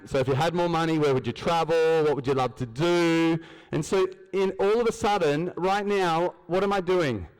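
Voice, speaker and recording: A man's voice: on the high side, clean tone. An Australian man giving a motivational stage talk at a business event, telling stories, acting out dialogue and asking the crowd questions. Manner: storytelling, acts out dialogue, asks the crowd questions. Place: large event hall, on stage. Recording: long hall reverb.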